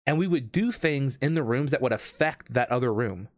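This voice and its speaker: A man telling a long story in casual chat, rambling with lots of fillers and restarts, getting animated. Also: mid-range voice, normal speed, no room sound, studio quality. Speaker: escape room game host.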